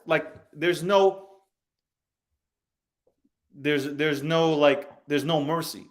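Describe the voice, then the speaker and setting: A man's voice: fairly high pitch, very slow, pauses often. A man hosting a podcast, ranting angrily and profanely, hammering his points home by repeating phrases. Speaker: show host. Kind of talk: heated crypto podcast rant.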